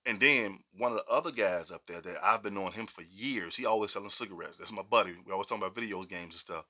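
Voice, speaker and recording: A man's voice: fairly low pitch, quick pace, hardly any pauses, bright, forceful tone. A middle-aged man, telling stories on a podcast in a slangy, emphatic way and repeating points for weight. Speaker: podcast co-host. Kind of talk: casual podcast storytelling.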